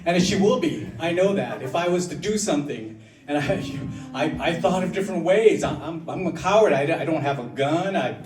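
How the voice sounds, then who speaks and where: A man's voice: a little high, lively intonation, background noise. Middle-aged man telling a story on stage. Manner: halting, full of fillers and restarts, mixing grief with self-mocking humor. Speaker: open mic performer. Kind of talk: personal storytelling at an open mic. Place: underground performance venue on a live stage. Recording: roomy, distant live room with crowd. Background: audience laughing.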